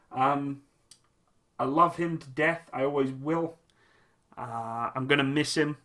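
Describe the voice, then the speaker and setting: A man hosting his own channel, speaking in a halting, emotional way with many pauses and restarts as he gives a personal tribute. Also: mid-range voice, sharp tone. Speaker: channel host.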